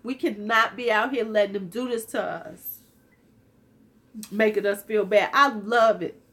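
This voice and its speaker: A woman's voice: mid-range voice, steady tone, a little slow, fairly bright tone. A woman in her fifties, a vlogger chatting casually and sassily with her viewers in a slightly worn-out voice. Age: 50s. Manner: sassy, candid, joking. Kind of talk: casual livestream chat.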